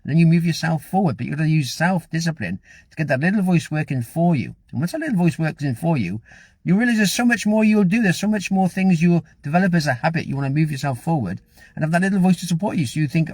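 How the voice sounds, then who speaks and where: A man's voice: on the high side, expressive, fast talker, darkish tone, slightly rough, no echo. A man giving a casual, chatty motivational talk to camera, encouraging and a little repetitive. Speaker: motivational vlogger.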